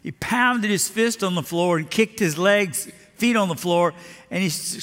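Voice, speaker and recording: A man's voice: sits high, lively intonation, unhurried, a bit bright. An older man who grew up in Alabama, preaching a sermon in a folksy storytelling way and acting out the voices in his stories. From Lower Alabama. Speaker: pastor. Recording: long hall reverb.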